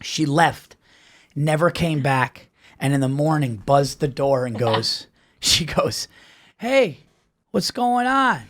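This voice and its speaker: A man on a podcast telling a story in casual, profane, animated chat, laughing as he goes. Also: medium pitch, slow. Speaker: podcast host.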